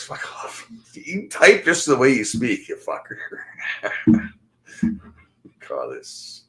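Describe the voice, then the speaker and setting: Profane, animated man on a livestream. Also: fairly low pitch, slow pace, long pauses. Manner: profane, animated storytelling with laughter. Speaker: livestream host. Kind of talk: casual livestream rant.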